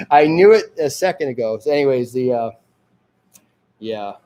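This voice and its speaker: A man from the Detroit area, Michigan, hosts his own homemade magazine show in a medium-pitched, dark-toned voice. He speaks at a measured pace with lively intonation, rambling off on tangents, chuckling a lot, and trailing off before starting over.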